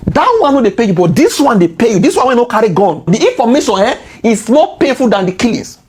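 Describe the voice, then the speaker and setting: A woman's voice: fairly high pitch, big pitch swings, quick pace, background noise. A woman with a Nigerian accent mixing in Pidgin, giving impassioned political commentary full of indignant rhetorical questions and repeated key words.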